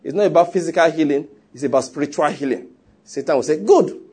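Male pastor, husky high voice, emphatic, preaching. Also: fast talker, darkish tone. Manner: emphatic, conversational, joking asides. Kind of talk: sermon.

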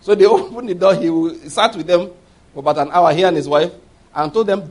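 A middle-aged man preaching a sermon, telling personal stories with animated quoted voices and laughing at his own tales. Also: sits high, a little fast. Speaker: pastor.

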